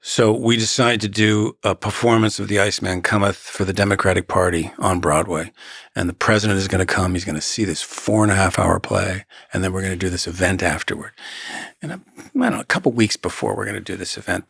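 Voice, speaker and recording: A man in his sixties, a guest on a podcast, talking in a measured, halting way with quoted asides and dramatic pauses. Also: low voice, creaky, fairly bright tone, husky, no echo, clean studio sound. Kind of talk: reflective interview storytelling.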